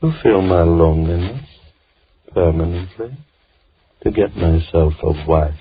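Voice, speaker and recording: An actor playing a soft-spoken, coldly polite madman in a 1950s radio drama. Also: low-pitched, measured pace, breathy edge, no echo, full character voice. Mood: softly menacing. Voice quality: calm, gentle, coldly polite. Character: soft-spoken menacing madman, middle-aged. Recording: tinny old radio broadcast with faint hiss.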